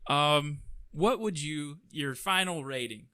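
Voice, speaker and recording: A man's voice: fairly high pitch, animated, slow, pushed and bright, smooth, dry recording. A man hosting a podcast in casual chat, laid-back and easygoing. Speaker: podcast host.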